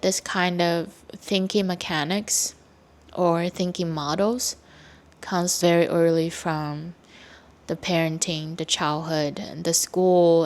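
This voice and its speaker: A woman creator speaking in a thoughtful, reflective monologue, pausing and restarting as she works through her ideas. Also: fairly low pitch. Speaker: video creator.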